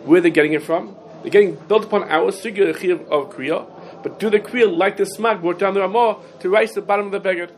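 Rebbe, slightly high voice, sing-song lecture cadence, faint room noise, fields student questions. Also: male voice, brisk. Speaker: Talmud teacher giving a class. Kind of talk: yeshiva-style halacha lecture.

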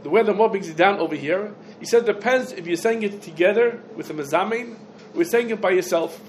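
High-voiced man giving a quick Talmud lesson. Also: slight background noise, rough recording. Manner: rapid, loose Hebrew-English lecture speech with restarts. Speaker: rabbi teaching a Talmud class. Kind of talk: halachic lecture to a class.

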